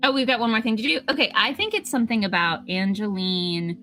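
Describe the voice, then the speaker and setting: A woman chatting casually while playing a game, playful and quick to laugh. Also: a little high, pushed and bright, faint music behind. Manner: giggly, playful, lots of laughing. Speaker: game streamer.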